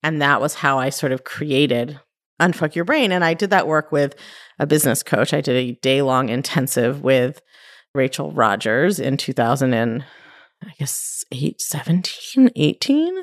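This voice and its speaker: A woman in her thirties talks through her own coaching podcast in a low, grounded voice. She speaks casually and directly, with lots of "like" and "right?" and the odd curse word. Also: animated, a little slow. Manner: conversational, frequent "like" and "right?", mild swearing. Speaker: podcast host and life coach. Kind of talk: casual solo podcast talk.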